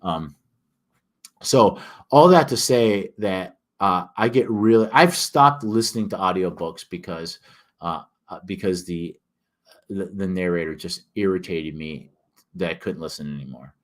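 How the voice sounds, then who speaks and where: Older man, Northern US accent, emphatic ranter with a lowish voice, livestream host. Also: a little slow. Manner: emphatic, ranting, frequent restarts and fillers. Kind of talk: casual ranting monologue.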